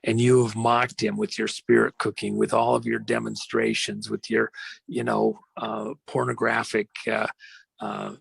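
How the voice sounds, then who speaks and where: A man telling a story dramatically, rambling with many fillers and slowing down for emphasis. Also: lowish voice, flat delivery, vocal fry, slightly rough, dry recording, rough recording. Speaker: guest.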